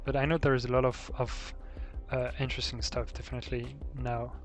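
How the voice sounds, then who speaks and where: A man's voice: mid-range voice, flat delivery, fairly quick, soft background music. A man with a French accent, a native French speaker, chatting casually as a live streamer while he builds in a game, thinking aloud with many hesitations. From France.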